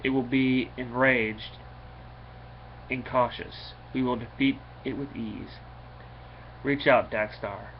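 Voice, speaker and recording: Man playing a grim comic-book alien warlord, solemn measured speech, ordinary pitch, slightly dull recording. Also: fairly even intonation, a little hiss or hum, close to an everyday voice. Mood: commanding. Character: grim male alien warlord, brooding and wrathful.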